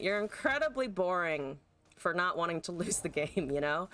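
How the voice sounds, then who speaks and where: A woman's voice: lowish voice, a little fast, creaky, fairly bright tone. A woman streaming a card game live, talking through her plays, swearing and venting at her opponent with frequent laughs. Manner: salty, profane, exasperated outbursts at opponent; chatty, laughs often.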